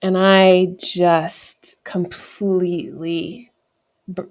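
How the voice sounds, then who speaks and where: Woman, thirties, from the US, slightly low voice, candid, reflective, conversational storytelling. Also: flat delivery, very slow, a little mellow. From United States. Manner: candid, reflective, with frequent self-corrections and laughs. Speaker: podcast guest.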